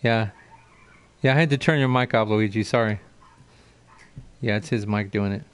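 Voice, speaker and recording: A man's voice: lowish voice, normal speed, smooth. A man streaming a game live, chatting casually and greeting viewers by name on a desk mic. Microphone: desk mic, no headset.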